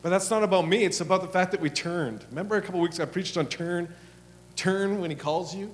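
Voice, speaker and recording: A man preaching a sermon, telling a story with lively acted lines, then dropping into hushed prayer. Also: high-pitched, fast, a little hiss or hum. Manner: animated storytelling, acts out his own and God's lines, drops to hushed prayer. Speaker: pastor. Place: church hall. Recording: long hall reverb with soft music.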